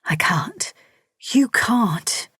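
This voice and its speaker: A woman voicing a timid, frightened young woman who speaks in hushed, breathy tones in a storybook reading. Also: mid-range voice, animated, drawn-out words, no echo, whispered, pitched above the performer's own voice, exaggerated voice.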